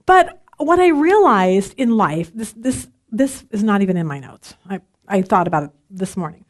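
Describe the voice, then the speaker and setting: A woman's voice: medium pitch, sing-song, normal speed. A middle-aged woman teaching a women's Bible study in a chatty, self-deprecating way, laughing often.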